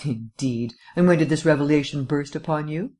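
A man voicing a gruff, stubborn male district attorney who speaks in a blunt, exasperated way. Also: fairly high pitch, moderate pace, dark tone, lightly acted.

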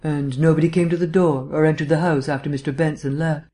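A reader voicing a suave gentleman detective. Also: medium pitch, steady tone, brisk, close to an everyday voice. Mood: probing. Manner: lecturing, polished and lightly teasing. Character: urbane, erudite male gentleman detective. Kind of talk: audiobook reading.

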